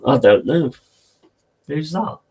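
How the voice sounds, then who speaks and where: A man's voice: on the high side, expressive, slow pace, mellow, breathy edge. A man hosting a football watch-along, chatting casually with viewers and calling the play. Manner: chatty, laddish, reads chat aloud and answers. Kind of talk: casual match commentary and chat with viewers.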